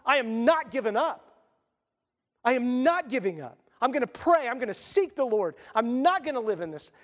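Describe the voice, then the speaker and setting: A man's voice: extremely high pitch, big pitch swings, moderate pace, voice pushed up. A man preaching a sermon, speaking as a devoted young widow who makes earnest, resolute vows.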